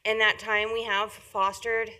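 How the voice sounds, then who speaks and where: A woman's voice: mid-range voice, level tone, a little slow, pushed and bright, poor audio. A woman who is a foster parent, giving a friendly public comment at a podium during a county meeting. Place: county commission meeting room. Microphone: podium microphone.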